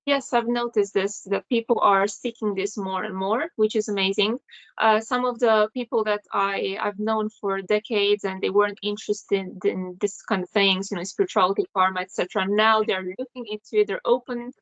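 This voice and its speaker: A woman hosting a casual video call interview, listening attentively with soft agreeing sounds and adding her own experiences. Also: medium pitch, fairly even intonation, moderate pace, highs cut off. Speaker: host.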